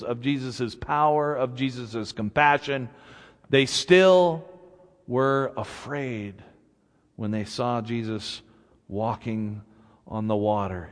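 A man preaching slowly and deliberately, mixing careful teaching with casual, chatty asides. His voice has an even middle pitch and carries a long reverb from the church sanctuary around him. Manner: slow, conversational preaching with asides. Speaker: pastor. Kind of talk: sermon.

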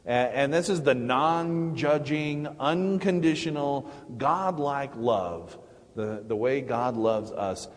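Middle-aged man, church sermon, halting restarts, average pitch, long reverb of a church hall. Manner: halting, many restarts and fillers, warm laughs. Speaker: church speaker. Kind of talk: Mother's Day sermon. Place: church sanctuary.

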